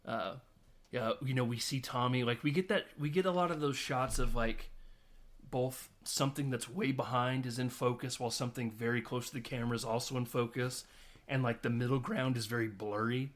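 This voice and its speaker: A man's voice: medium pitch, steady tone, fairly quick. A man co-hosting a film podcast, recapping scenes in casual chat and acting out the characters' lines. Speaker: podcast co-host.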